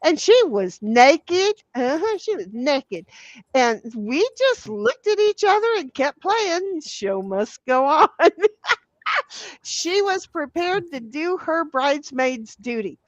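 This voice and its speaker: A woman's voice: high-pitched, sing-song, slow pace, dry recording, lo-fi sound. A woman hosting a livestream, chatting casually, swearing freely and reading viewer messages aloud while playing a party game. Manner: swears freely, laughs often, reads chat aloud. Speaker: livestream host.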